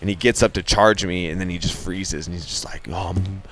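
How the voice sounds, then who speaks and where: Male radio guest, relaxed storyteller, low-pitched. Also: a little fast. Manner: laid-back, filler-heavy storytelling. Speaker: guest fighter. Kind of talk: casual storytelling.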